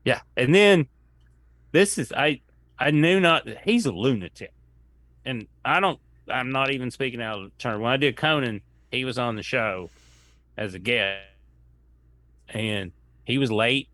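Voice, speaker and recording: A male comedian tells a loose, wandering story as a podcast guest, jumping in and out of what people said. His voice sits at an ordinary pitch. It is recorded close and dry, with no room sound. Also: unhurried, pauses often, fairly bright tone, no echo. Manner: rambling anecdotes, acting out quoted lines. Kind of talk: casual storytelling chat.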